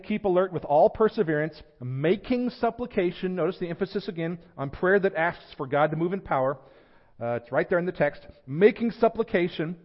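Male pastor, emphatic sermon delivery, slightly high-pitched, muffled church audio. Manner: emphatic, slows and lifts voice on scripture quotes, drops quiet at phrase ends. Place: church sanctuary.

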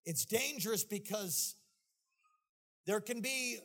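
A man preaches a sermon in a voice pitched high for a man. He tells his story with animated swings and climbs to loud, shouted peaks. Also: slow.

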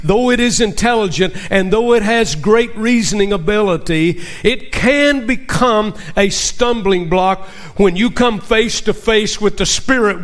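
A man's voice: high-pitched, fairly bright tone. A male pastor preaching a sermon with emphasis and asking the congregation rhetorical questions.

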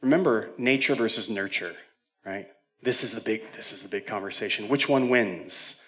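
A man's voice: on the low side, normal speed, a bit bright. A male senior pastor preaching a sermon in a conversational way, with frequent fillers and self-corrections.

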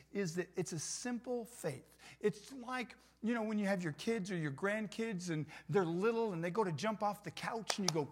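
A man's voice: high-pitched, husky. A middle-aged man preaching a sermon in a church, talking conversationally and asking the congregation for responses. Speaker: pastor.

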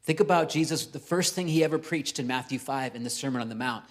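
A man preaching a sermon in a conversational way, swinging between loud emphasis and soft, intimate lines. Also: mid-range voice, fast. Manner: conversational, with frequent "right?" and light laughs. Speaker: pastor.

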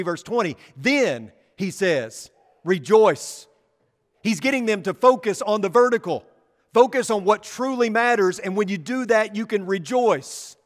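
A male pastor preaching an earnest sermon, rising for emphasis and dropping softly for asides. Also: sits high. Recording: long hall reverb.

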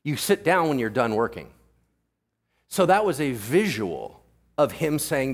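A male pastor preaches conversationally in a mid-range, gravelly voice with a breathy edge, extremely animated throughout. He fires quick questions at the congregation and slips jokey asides into earnest teaching.

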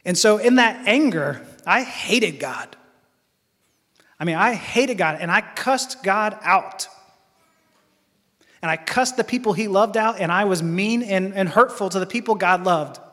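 A man with a high voice gives an earnest sermon built on his own story. He pauses and restarts his sentences often. His voice carries a long reverb, as in a large hall. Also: animated, fairly bright tone. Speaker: preacher. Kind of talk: personal testimony sermon.

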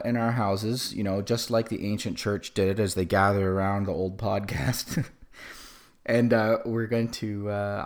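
A man in his forties with a cold, giving a casual sermon as a pastor, with many fillers and restarts. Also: lowish voice. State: has a cold.

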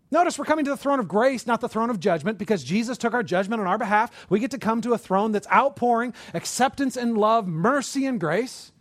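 A man preaching a sermon in a conversational way, asking the listeners rhetorical questions and rising to loud, emphatic passages. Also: very high voice, no room sound.

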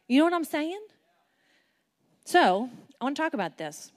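A woman with a fairly high voice preaches a sermon. She is animated and playful, keeps putting questions to the audience, and acts out quotes with sudden leaps in pitch and loudness. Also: normal speed. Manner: asks the audience many questions.

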